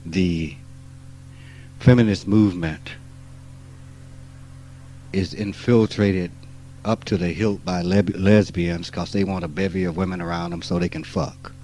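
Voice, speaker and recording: A man's voice: deep voice, fairly even intonation, measured pace, long pauses, a little hiss or hum, poor audio. Blunt, emphatic man in his fifties. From rural Mississippi. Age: 50s. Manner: blunt, emphatic and profane, swinging between quiet asides and loud outbursts. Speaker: spiritual teacher. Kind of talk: spiritual talk to an audience. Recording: archival 1989 talk recording.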